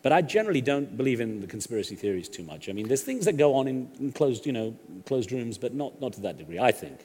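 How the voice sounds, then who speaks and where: Brief: middle-aged man, quick anecdotal storyteller, stage hall reverb. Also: mid-range voice, sing-song, mellow. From England. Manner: chatty, joke-telling storyteller. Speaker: guest journalist.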